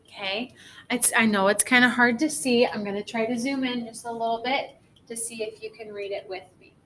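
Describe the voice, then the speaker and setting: A woman teaching a first grade class through a recorded reading lesson, speaking gently and asking the children encouraging questions. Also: fairly high pitch, fairly even intonation, fairly quick, a little hiss or hum.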